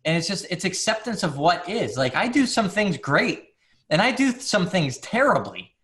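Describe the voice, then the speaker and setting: A man's voice: high voice, very animated, normal speed, fairly bright tone. A man who works as a psychologist, talking candidly in a casual conversation, full of restarts and "like". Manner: candid, filler-heavy, many restarts and "like".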